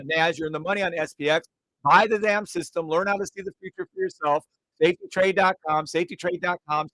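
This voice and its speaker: A man hosting a live trading stream, calling out trades in quick repeated bursts, brash and profane, mocking imagined viewers. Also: fairly high pitch, fairly bright tone, no room sound, rough recording. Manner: mocks imagined viewers in a whiny voice.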